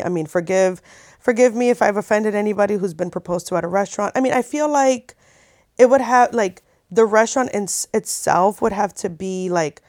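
A woman's voice: medium pitch, no room sound, clean studio sound. A woman in her thirties telling a story in a casual, chatty vlog, full of fillers and swearing. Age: 30s. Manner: chatty, animated, many likes and swears. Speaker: vlogger.

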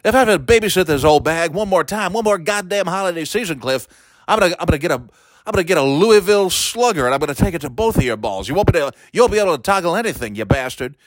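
A man's voice: a little high, lively intonation, quick pace, no room sound, natural voice. A man playing a crude, bitter old uncle who used to announce baseball. He rambles, stammers and curses in an improvised comic monologue. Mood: angry.

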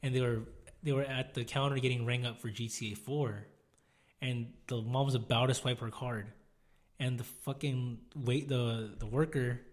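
A young man with a voice of middling pitch. He talks in a relaxed, chatty way full of casual slang, co-hosting a laid-back podcast. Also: moderate pace. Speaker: podcast co-host. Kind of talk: casual chat.

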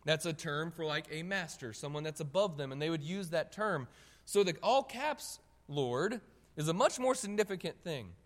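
A man preaching a sermon, animated and emphatic, talking straight to his congregation. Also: a little high, normal speed. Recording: long reverb of a hall.

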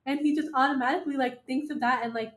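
A woman's voice: high voice, steady tone, quick pace, echoey room, crowd noise. A young woman co-hosting a casual book podcast, retelling the plot in a loose way with many fillers. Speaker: podcast co-host.

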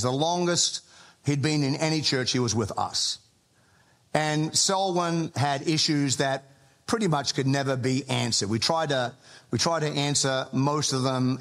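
A man, a pastor, preaching a sermon in a relaxed, humorous, conversational storytelling style. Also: medium pitch. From Australia.

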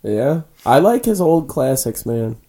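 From the small spare room that serves as his home studio, a laid-back young podcast co-host chats casually, swearing freely. His medium-pitched voice is mellow and very animated, though his pace stays measured.

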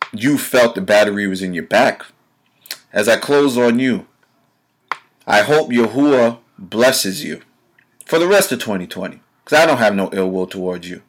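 A man, hosting his own show and delivering a heated, profane monologue straight at the listener. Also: on the low side. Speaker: show host.

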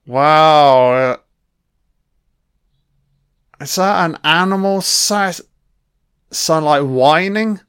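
Brit guy cursing thru a movie commentary, smooth clear voice, slow talker. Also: fairly high pitch, a bit bright, dry recording, studio quality. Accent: British English. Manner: profane, reactive, rambling. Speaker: film commentator. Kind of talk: casual film commentary.

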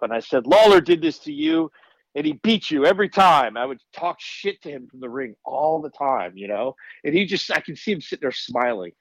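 A man's voice: medium pitch, dry recording, low-quality recording. A man guesting on a podcast, telling candid, profane stories in a casual way. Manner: candid, profane, animated storyteller. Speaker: wrestler guest. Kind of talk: casual storytelling.

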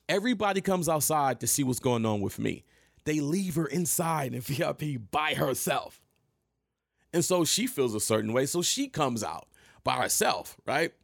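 A man in his thirties recounts an old run-in directly to camera in animated, profane storytelling. His mid-range voice has a gravelly edge. The sound is dry and close-miked. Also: medium pitch, normal speed, dry recording. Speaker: vlogger telling a story.

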